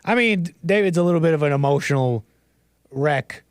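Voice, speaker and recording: A man's voice: fairly high pitch, animated, moderate pace, smooth, no room sound, clean studio sound. A man hosting a livestream, ranting and joking in casual commentary, laughing often. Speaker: streamer host.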